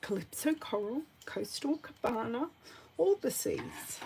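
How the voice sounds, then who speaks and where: Slow, gravelly woman crafting. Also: mid-range voice, a little hiss or hum, low-quality recording. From Australia. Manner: chatty, thinks aloud, bursts of excitement. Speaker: card-making demonstrator. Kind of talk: live crafting tutorial chat. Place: at a craft desk.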